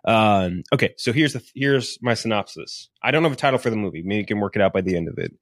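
This man's expressive voice moves fast, captured cleanly in a studio without echo. As a podcast co-host in a casual chat, he rambles profanely through an idea for a film's plot.

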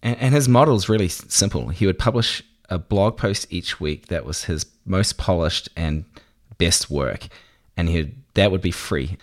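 A man, a guest in an interview, telling stories in a relaxed, conversational way. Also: low-pitched, moderate pace, hardly any pauses. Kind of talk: relaxed storytelling.

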